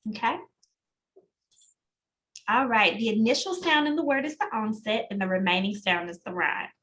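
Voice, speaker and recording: A woman's voice: medium pitch, moderate pace, fairly bright tone, low-quality recording. A woman leading an online test-prep class over a video call, calling on students by name and walking through answers. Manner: encouraging, calls on students by name. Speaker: instructor.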